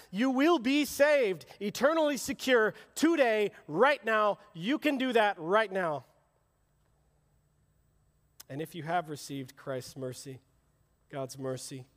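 A middle-aged man preaching a sermon as pastor, swinging from loud rousing calls to hushed, intimate asides. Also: sits high. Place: church service, large hall. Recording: long hall reverb.

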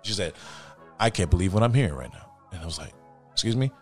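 A man's voice: low-pitched, expressive, fast, soft background music. A young man in casual podcast chat, telling a story with lots of slang and acting out both sides of a quarrel. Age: young adult. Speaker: podcast co-host.

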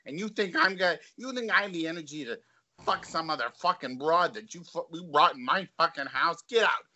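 A man's voice: on the high side, animated, brisk, highs cut off, pitched above the performer's own voice, full character voice. A man doing a furious, manly-voiced ex-girlfriend. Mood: furious scolding. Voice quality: manly, husky woman's voice. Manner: yelling, scolding, cursing. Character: angry foul-mouthed woman, worn-out waitress ex-girlfriend.

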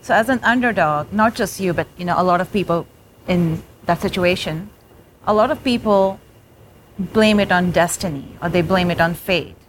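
A woman's voice: lowish voice, moderate pace, rough recording. Woman asking a question on a panel, kinda hesitant, faint hum behind her.

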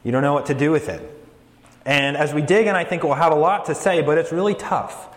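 A man's voice: fairly high pitch, a little fast. A man preaching a sermon in a casual, joking way to his congregation. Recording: echoey hall.

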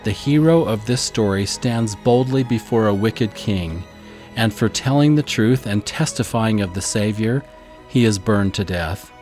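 A man co-hosting a scripture lesson podcast, eager and deliberate, carefully spelling out names and their pronunciations. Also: fairly low pitch, a little mellow, faint music behind. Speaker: podcast co-host teaching scripture.

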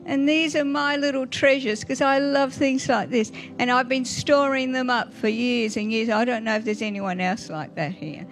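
An older woman, preaching a sermon in a chatty, warm way and asking the congregation questions. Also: a little high.

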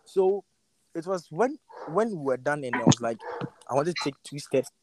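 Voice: mid-range voice, normal speed. A young doctor telling a story with lots of energy, acting out scenes with voices. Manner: animated, lively, acts out scenes. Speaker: doctor guest. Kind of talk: casual storytelling. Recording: faint background noise.

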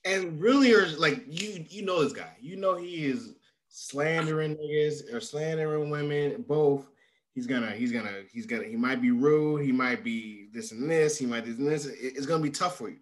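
Animated male podcast host. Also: normal speed. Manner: animated, rises in pitch when making a point. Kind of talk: casual chat.

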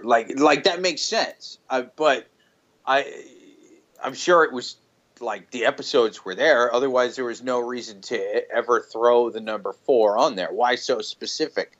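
A man co-hosting a podcast, rambling and swearing through casual chat with a tipsy looseness. His voice sits at a middling pitch. The recording is a little dull and muffled. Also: unhurried, a bit bright. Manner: rambling, profane, joking. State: tipsy, drinking. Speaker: podcast co-host.

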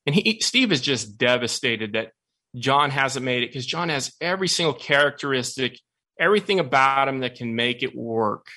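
Male motivational talk host, bright tone, emphatic storyteller. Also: medium pitch, expressive, moderate pace. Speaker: podcast host.

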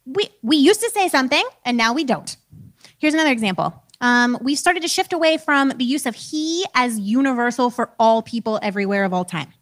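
A woman's voice: a little high, animated, fairly quick. A woman in her thirties, a preacher and teacher, giving a casual, conversational talk with a self-deprecating manner.

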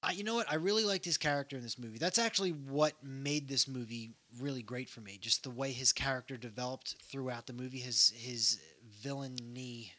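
A man casually discussing a movie, animated and acting out scenes in voices. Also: medium pitch, brisk, few pauses. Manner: animated, acts out scenes in voices, laughs easily.

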